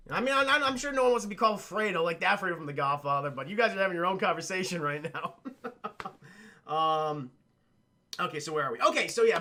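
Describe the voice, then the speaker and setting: A high-pitched man talks to his livestream chat, retelling a film scene by scene. His voice is bright and forceful, and he rambles in a profane, animated way with quick asides to his viewers. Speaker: streamer reviewing a film with chat.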